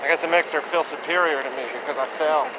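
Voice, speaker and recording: A young vlogger with a fairly high, even-toned voice talks fast to his handheld action camera on a walk by train tracks and a hill. Over a noisy background, he's out of breath on the hill, a little winded and self-mocking as he chats casually.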